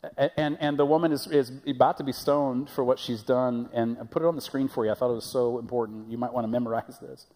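A man's voice: medium pitch, fairly even intonation, fast talker, hardly any pauses, darkish tone. A male pastor preaching a sermon in a conversational way, often asking the congregation questions, recorded in a church sanctuary. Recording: long reverb of a church hall.

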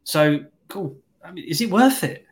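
A man's voice: high-pitched, animated, moderate pace. Blunt, sweary film-review guy. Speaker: film review podcast host. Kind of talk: casual chat.

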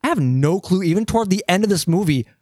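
A man hosting a casual movie discussion podcast, animated and steering the talk back on track, swearing now and then. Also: high voice, quick pace, no echo, clean studio sound. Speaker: podcast host.

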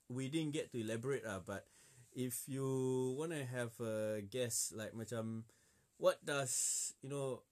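A man's voice: mid-range voice, unhurried. A young man from Singapore in a playful casual chat, teasing and laughing often. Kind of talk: casual chat mixing English and Malay.

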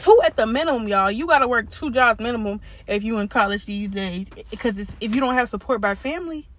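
A woman's voice: a little high, animated, fast talker, dull audio. A young woman hosting a solo podcast, venting in a blunt, profane, exasperated way, laughing now and then. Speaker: podcast host.

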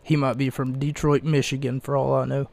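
A man's voice: mid-range voice, little pitch movement, brisk, gravelly, darkish tone. A man hosting a casual solo podcast, talking in a rambling, hesitant way with dry wordplay. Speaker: podcast host.

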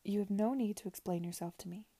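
Brief: modest young lady , a woman reading, whispered reading, mellow, dry. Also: medium pitch, quick pace, dry recording, natural voice. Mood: reserved.

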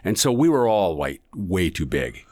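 An older man, a voice actor guest, telling stories in a loud, exaggerated, animated way. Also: moderate pace, no room sound, studio quality. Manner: animated, exaggerated storyteller with big pitch swings. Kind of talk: storytelling conversation.

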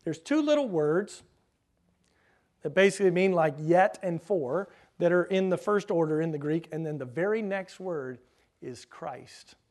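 A man preaching a sermon, teaching like a classroom lesson, quizzing his listeners and slowing down to hammer home key words. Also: on the high side, animated, a little mellow.

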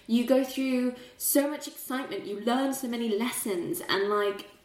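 A woman's voice: a little high, moderate pace. A young adult woman in casual film chat, telling the story with big emotional swings and laughs. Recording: roomy echo.

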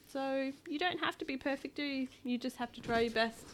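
A woman's voice: sits high, fairly quick, slight background noise. A woman reading a picture book aloud to her child, adding chatty asides.

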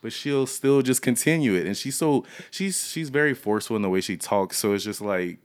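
A young man co-hosting a podcast in a relaxed, laughing chat. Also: mid-range voice, brisk, clear, resonant tone. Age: young adult. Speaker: podcast co-host. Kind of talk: casual chat.

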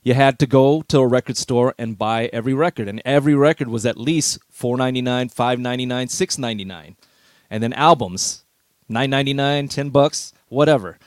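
A middle-aged man telling old stories at an easy, unhurried pace, chuckling often. His voice sits at an ordinary middle pitch. The sound is dry and close, with no room echo. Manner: easygoing, reminiscing, chuckles often. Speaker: veteran DJ guest. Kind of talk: relaxed storytelling interview.

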